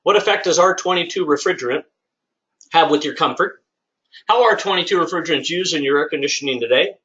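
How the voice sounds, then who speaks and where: A man's voice: on the high side, fast, a bit bright, highs cut off. A man who owns a service business, hosting a live webinar in an upbeat, chatty, salesy way. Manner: upbeat, chatty, salesy, many "all right"s. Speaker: business owner and webinar host. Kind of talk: live lunchtime webinar presentation.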